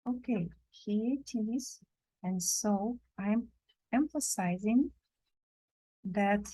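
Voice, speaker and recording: Slow, gentle woman teaching drawing. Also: mid-range voice, slightly rough, low-quality recording. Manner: slow, gentle, non-native phrasing with many pauses. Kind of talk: live drawing lesson. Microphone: camera while drawing at a table.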